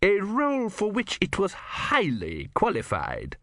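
A man voicing a cold, menacing male religious leader who speaks slowly, deliberately and sharply. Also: medium pitch, big pitch swings, fairly bright tone, no echo, clean studio sound, heavily acted.

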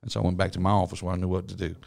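Gravelly-voiced man telling a story. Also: deep voice, level tone, racing, darkish tone. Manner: folksy, laughs often. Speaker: pastor. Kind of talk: storytelling conversation.

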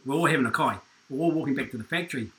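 A man's voice: mid-range voice, racing, slight background noise, poor audio. A man telling funny stories in casual chat, laughing often and tagging his lines with "eh?". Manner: lively yarn-spinning, laughs often, tags lines with "eh?". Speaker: guest storyteller.

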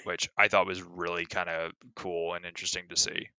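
A man's voice: deep voice, completely flat delivery, a little fast, pushed and bright, clear, resonant tone, dry recording, poor audio. A man in casual podcast chat about a film, rambling with lots of filler words and frequent laughs.

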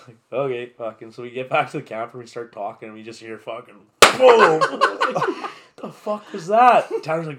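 A man's voice: medium pitch, normal speed, heavy background noise. A man casually telling a rowdy campground story on a podcast, swearing constantly and acting out what everyone said with bursts of laughter. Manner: laid-back, swears constantly, acts out quotes with laughter.

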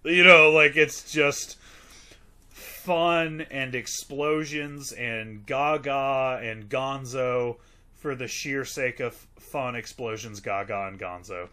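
A man's voice: medium pitch, fairly even intonation, slow, sharp tone. A man in casual podcast chat about a movie, rambling and gushing, full of fillers and swearing. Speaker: podcast co-host reviewing a movie.

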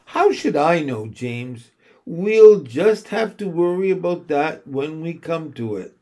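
A man's voice: a little high, big pitch swings, takes it slowly, warm tone. A man voicing a determined young girl leader. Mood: firm.

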